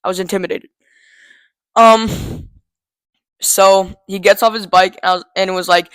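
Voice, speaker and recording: A man's voice: high voice, steady tone, measured pace, long pauses, a bit bright, clean tone, no room sound. A teenage boy casually telling a story to the camera, rambling with lots of "um" and "like" and laughing at himself. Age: teens.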